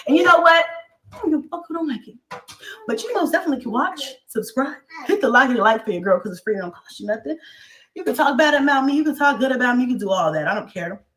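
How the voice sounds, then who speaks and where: A woman ranting on her livestream, loud, profane and taunting her viewers. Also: high voice, expressive, fast, roomy sound. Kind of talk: brash livestream rant.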